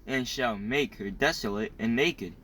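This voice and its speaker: A man reading Bible verses aloud in a measured, formal way, first announcing book, chapter and verse. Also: medium pitch, pushed and bright, poor audio. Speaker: scripture reader.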